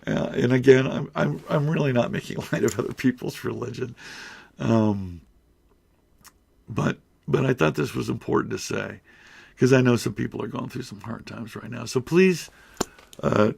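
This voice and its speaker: A man's voice: medium pitch, moderate pace, gravelly, a little mellow, breathy edge. A middle-aged man speaking earnestly and emotionally to camera, rambling and restarting as he goes. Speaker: YouTuber. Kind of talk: heartfelt direct-to-camera talk.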